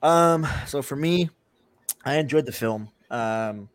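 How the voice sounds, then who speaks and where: A man's voice: medium pitch, slow, clear, resonant tone, no room sound. A man hosting a casual podcast chat, blunt and steering the talk to the next topic. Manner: blunt, leads the segments. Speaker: podcast host.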